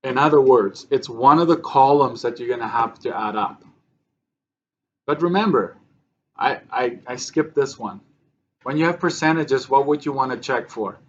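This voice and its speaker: A man's voice: medium pitch, normal speed, dull audio, slight background noise. A man teaching a math lesson step by step, often checking in with "right?" as he works through the numbers. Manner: talks through steps, frequent "right?" checks.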